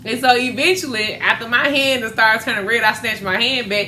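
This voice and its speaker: A young woman hosts a casual podcast chat and tells stories in an animated, playful way. Her voice is bright and slightly high, with faint noise in the background. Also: normal speed, few pauses, roomy sound. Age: young adult. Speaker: podcast host.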